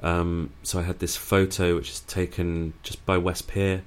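A young man from Brighton, a musician guest, speaking in a dry, understated and measured way. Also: low-pitched, little pitch movement, clean tone. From Brighton, England. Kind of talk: casual interview chat.

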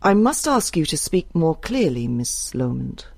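A woman voicing a stern but flustered older gentleman who stammers and speaks formally in an audiobook. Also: low-pitched, sing-song, a little slow, creaky, no room sound, full character voice.

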